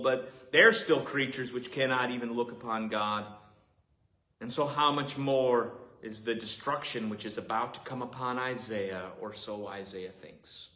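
Bright-voiced man preaching a sermon. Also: medium pitch. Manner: earnest, emphatic preaching with repetition. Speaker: pastor. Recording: roomy echoing hall.

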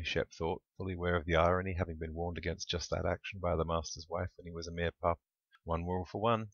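Deep-voiced man reading a wry story. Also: flat delivery, fast talker, a bit bright, dry recording, muffled recording. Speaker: author reading his book. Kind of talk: audiobook narration.

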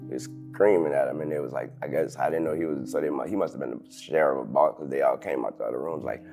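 A man in his thirties, an interview guest telling a painful personal story in halting sentences full of restarts. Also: very deep voice, gravelly, soft background music. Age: 30s. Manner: halting, restarts sentences, loud when quoting others.

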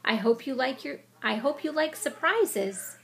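A woman playing a friendly boy mole from a storybook, gently teasing his friend. He speaks slowly and clearly, with a raised pitch. His voice is a little gravelly. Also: expressive, a little hiss or hum, heavily acted. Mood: playful. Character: kind friendly male mole. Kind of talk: reading a storybook aloud.

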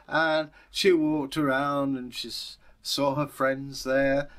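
A man's voice: medium pitch, slow. A man hosting his own channel, telling an old folktale in a chatty way with jokey asides. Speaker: storyteller, channel host. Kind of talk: casual folktale storytelling.

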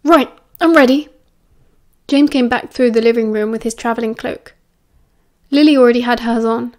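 A woman with a British accent narrating an audiobook in a calm, even storytelling manner. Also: a little high, brisk.

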